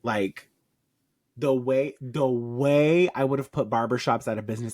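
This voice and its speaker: A podcast co-host with a Southern US twang, talking in blunt, emphatic, profane bursts with quick asides. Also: medium pitch, darkish tone, no echo, clean studio sound. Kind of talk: casual podcast chat.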